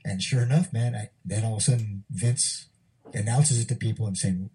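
A man's voice: fairly even intonation, fairly quick, warm tone, husky, rough recording. A man in casual podcast talk, recounting a story with feeling and acting out what others said. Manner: emotional, acts out quotes with shifting pitch. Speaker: former wrestler recounting a story.

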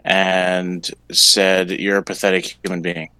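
A man with a low voice tells a grievance bluntly and swears a lot. The sound is dry and close, with no room around it. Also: little pitch movement, slow, bright, forceful tone, clean tone, dry recording, poor audio. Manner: blunt, aggrieved storytelling with frequent swearing. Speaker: streamer. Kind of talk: casual chat.

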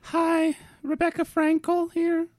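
A man voicing a giggly young woman who is touchy about her famous sister, in a squeaky falsetto. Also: monotone, takes it slowly, darkish tone, slight background noise.

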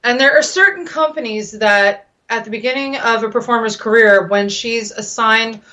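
A woman chats candidly as a regular talk-show guest, her slightly high voice swooping up when a story gets going. She comes through a muffled, dull-sounding line. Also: normal speed, pushed and bright. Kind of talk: candid casual chat.

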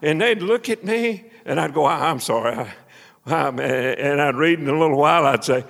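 A man preaching a sermon as a folksy, animated story, shouting praise and laughing along the way. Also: fairly high pitch, moderate pace, vocal fry. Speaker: preacher and minister of missions. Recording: echoey hall.

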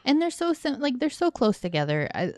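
A woman's voice: high voice, big pitch swings, a little fast, darkish tone, dry recording, studio quality. A woman co-hosting a casual movie podcast, chatty and full of "like" and "you know.". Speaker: podcast co-host. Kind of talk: casual chat.

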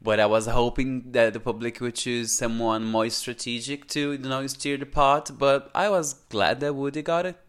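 A man co-hosting a podcast in casual chat, gushing and excitable, tripping over his words. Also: mid-range voice, normal speed, hardly any pauses, smooth. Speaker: podcast co-host.

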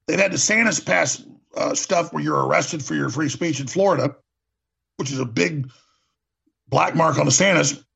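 Man, talk host, raspy husky voice, impassioned ranting monologue, repeats words for emphasis. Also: fairly high pitch, moderate pace, a bit bright.

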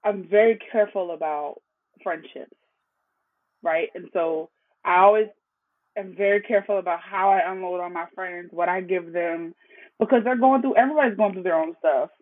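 A woman therapist in casual conversation, explaining ideas in an animated way and tagging her points with "right?". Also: lowish voice, normal speed. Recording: tinny phone-like line.

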